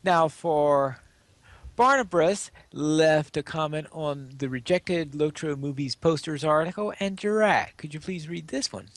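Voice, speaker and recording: A man's voice: a little high, a little slow, dry recording. A man hosting a casual podcast, reading out listener comments and passing letters to his co-hosts. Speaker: podcast host.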